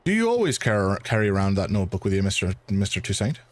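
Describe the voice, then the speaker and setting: A man's voice: fairly low pitch, wildly swooping pitch, quick pace, dry recording. A man reading the lines of a blunt, skeptical male detective in his own voice. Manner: blunt, questioning.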